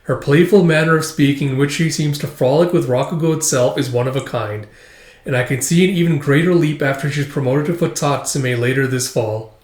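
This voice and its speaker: A man's voice: a little high, steady tone, a little fast. Man recapping a comic in a roomy echo. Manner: loose recap, filler-heavy. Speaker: comic chapter reviewer. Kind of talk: casual comic read-through.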